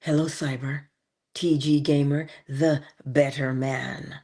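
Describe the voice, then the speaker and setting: A woman with a low voice hosts a spiritual livestream at an unhurried pace. She welcomes her viewers one by one with fond, drawn-out greetings. Now and then she drops into a whispered aside. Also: flat delivery, mellow. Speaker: livestream host.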